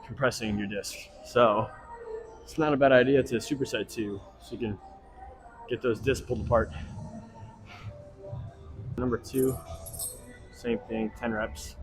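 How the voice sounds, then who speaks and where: A man's voice: medium pitch, steady tone, measured pace, pauses often, music in the background, low-quality recording. A young man vlogging his leg workout in a gym, talking casually to viewers between sets, sometimes out of breath. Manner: casual, swears, coaching asides to viewers. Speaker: fitness vlogger. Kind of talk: casual gym vlog talk. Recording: gym ambience noise.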